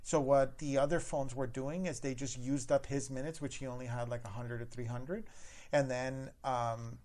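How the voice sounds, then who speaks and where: Male podcast host, relaxed conversational storyteller who acts out callers. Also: medium pitch, moderate pace. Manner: animated, acts out callers and managers in his stories. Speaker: podcast host, former phone support worker. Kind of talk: casual storytelling chat.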